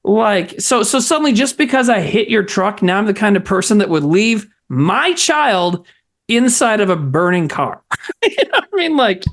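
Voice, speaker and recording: A man hosting a comedy podcast, telling stories in casual chat with an animated, profane manner. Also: sits high, normal speed. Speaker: podcast host.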